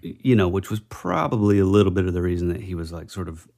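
Low-voiced man in casual chat. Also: fast talker, gravelly, a little mellow.

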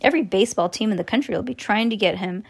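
A woman voicing an eccentric, cheerful candy-maker man in a storybook reading, brisk and theatrical. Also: mid-range voice, expressive, creaky, husky. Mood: breezy.

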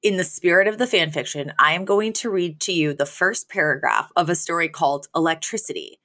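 A woman's voice: lowish voice, fairly quick, sharp tone. A woman co-hosting a podcast, chatting casually and reading aloud, often laughing through her own jokes. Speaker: podcast co-host.

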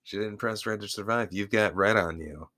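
A man co-hosting a podcast, chatting casually and playfully about a reality show and cracking jokes in a halting way. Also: lowish voice, bright, forceful tone. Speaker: podcast co-host.

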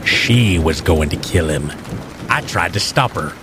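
A man's voice: low-pitched, lively intonation, a little slow, very noisy. A man doing a creepy, drawling older man. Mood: justifying.

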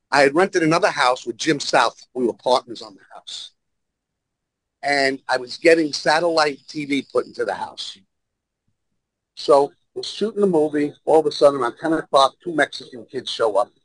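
A man's voice: fairly high pitch, lively intonation, brisk, fairly bright tone, slightly rough, no room sound, low-quality recording. A man guest telling blunt, profane stories and acting out the other people in them. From New York. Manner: blunt, profane, acts out voices in his stories. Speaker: podcast guest storyteller. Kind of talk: animated anecdote telling.

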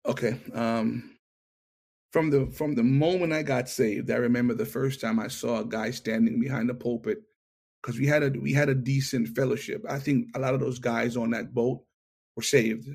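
In a gravelly, husky mid-range voice, a middle-aged interview guest shares his testimony at normal speed. He's animated and performs each line of dialogue himself.

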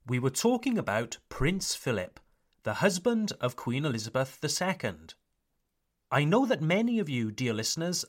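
A British man teaches English on his podcast, speaking slowly and clearly, pausing to repeat key words. His intonation moves up and down a great deal, keeping each phrase lively for learners. His accent sits close to received pronunciation. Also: mid-range voice. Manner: careful, deliberate delivery with repetitions and French glosses. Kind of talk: slow, clearly articulated podcast lesson for learners.

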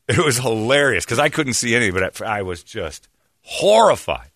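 A man chatting on talk radio, spinning a story with lots of energy and loud acted-out quotes. His voice is bright and forceful. The sound is dry and close to the mic. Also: mid-range voice, normal speed, dry recording. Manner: animated storyteller, acts out quotes loudly. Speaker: radio show host.

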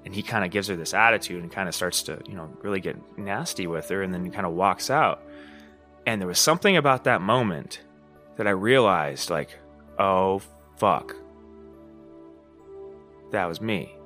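Man, podcast host, casual monologue, profane and rambling, low pitch, faint music underneath. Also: animated, brisk, bright, forceful tone. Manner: candid, profane, rambling with frequent "you know what I mean?".

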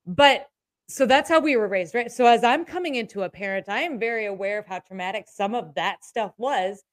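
A woman's voice: mid-range voice, brisk. A woman in her thirties, a parent, chatting casually as a podcast co-host in a reflective, hesitant way with many restarts. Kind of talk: casual chat.

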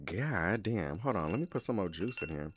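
A man's voice: low-pitched, big pitch swings, normal speed, slight background noise. A man hosting a podcast, recapping a show in casual, sassy, profane chat full of slang while sipping a drink. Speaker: podcast host.

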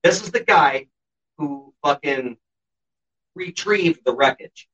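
A man's voice: mid-range voice, animated, slow, a bit bright, slightly rough. A man co-hosting a podcast, telling a story in a blunt, sarcastic way, swearing constantly. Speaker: podcast co-host. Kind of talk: casual podcast chat. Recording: dull lo-fi sound, distant from the mic.

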